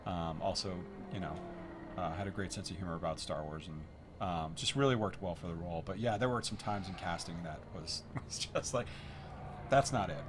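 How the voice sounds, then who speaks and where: Man, game developer commentary, lively storyteller, low-ish voice, noisy track. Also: normal speed. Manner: animated storyteller, acts out quotes.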